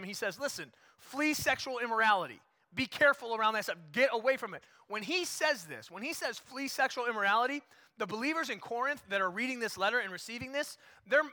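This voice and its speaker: A young man preaching a sermon in a church, conversational and animated, acting out quotes and singing short snippets. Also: extremely high pitch. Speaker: pastor. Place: church sanctuary.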